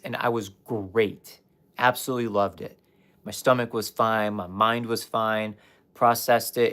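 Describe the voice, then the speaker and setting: Speaking at a medium pitch with a touch of brightness, a young life coach livestreamer tells his own story openly. He talks straight to his chat and curses now and then.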